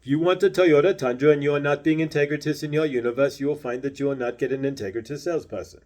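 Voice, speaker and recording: A man speaking as a spiritual channeler, delivering a slow, deliberate talk full of repeated questions. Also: fairly high pitch, fairly even intonation, darkish tone.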